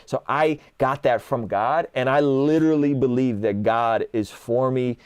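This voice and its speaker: A man's voice: medium pitch, unhurried, clean tone, no echo. A man in his thirties tells stories animatedly in casual conversation. He acts out the lines of other people, and his delivery is loose and peppered with "like" and "right?". His voice sits in a middle register and sounds dry and close. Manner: animated storyteller, acts out dialogue, frequent "like" and "right?". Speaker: guest.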